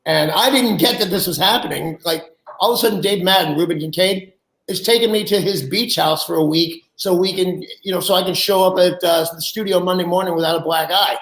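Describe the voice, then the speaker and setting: A man in his sixties, a guest, telling animated anecdotes and acting out the people he quotes. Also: sits high, a little fast, echoey room, poor audio. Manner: animated storyteller who acts out quoted people, laughs mid-story. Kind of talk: anecdotal storytelling.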